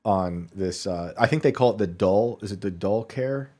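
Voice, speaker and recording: Male podcast host, low voice, warm mellow tone, casual chatty questions, laughs easily. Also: moderate pace. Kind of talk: casual interview chat.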